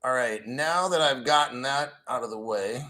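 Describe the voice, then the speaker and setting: A man's voice: medium pitch, normal speed, bright, forceful tone, poor audio. A middle-aged man hosting a livestream, ranting in a foul-mouthed, combative and rambling way. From United States. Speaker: crypto livestream host. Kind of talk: profane ranting livestream talk.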